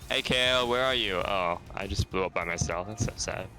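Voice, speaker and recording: A young man rambling deadpan and self-mocking in casual chat while playing a co-op game with a friend. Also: sits low, fairly quick, faint music behind. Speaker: co-op gaming guest.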